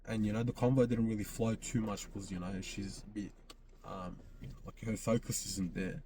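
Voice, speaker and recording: A man's voice: lowish voice, steady tone, fairly quick, mellow, a little hiss or hum. A man hosting a podcast, telling a personal story in casual speech, often quoting himself and repeating phrases. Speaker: podcast host.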